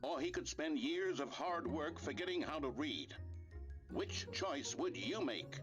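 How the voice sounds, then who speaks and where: A chipper safety-film announcer. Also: male voice, fairly high pitch, expressive, measured pace. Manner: upbeat, over-earnest, instructional. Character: cheery male instructional video announcer. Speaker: announcer in a mock safety video. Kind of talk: mock educational film narration. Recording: dull lo-fi audio over loud music.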